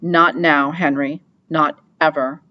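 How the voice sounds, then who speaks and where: A woman reading an audiobook, voicing a calm, fearless young girl queen who sounds distant. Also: low voice, slow, lo-fi sound.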